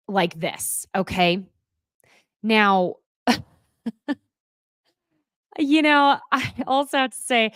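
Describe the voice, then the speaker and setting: A woman's voice: medium pitch, no echo. Sassy woman host, dry close sound. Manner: sassy, animated, swears and laughs often. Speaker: host of a live recap show. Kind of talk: casual reality-TV recap commentary.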